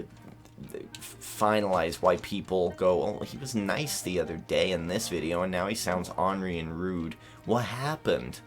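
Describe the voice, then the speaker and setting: Low-voiced rambling man vlogging. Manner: emotional, rambling, restarts often. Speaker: YouTuber. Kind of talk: rambling vlog update.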